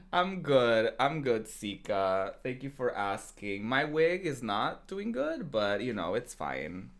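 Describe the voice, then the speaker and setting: A man's voice: medium pitch, very animated, slow, fairly bright tone. A male game streamer chatting casually and playfully with his viewers, teasing them and laughing often.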